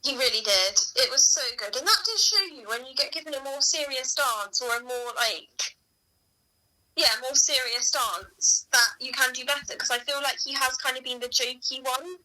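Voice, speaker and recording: A woman in a casual chat as co-host, reacting with giggles and animated exclamations. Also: high voice, normal speed, poor audio.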